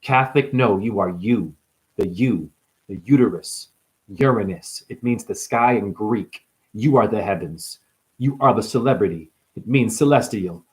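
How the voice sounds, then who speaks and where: A man delivering a rambling spiritual monologue, free-associating through wordplay and jumping between near-whispers and sudden loud outbursts. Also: lowish voice. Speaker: spiritual speaker.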